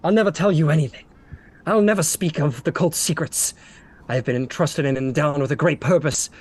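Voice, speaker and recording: A man's voice: fairly high pitch, brisk, darkish tone, slightly rough. A man doing a defiant captured cultist. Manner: stubborn, rising to frantic pleading. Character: captured male cultist, defiant then panicked.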